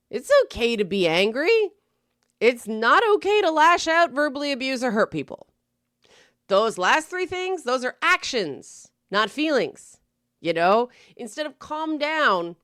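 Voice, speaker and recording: A woman's voice: fairly high pitch, fairly bright tone, dry recording, studio quality. A woman hosting a talk show, giving blunt, wry, emphatic advice in a scripted commentary style. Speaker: host.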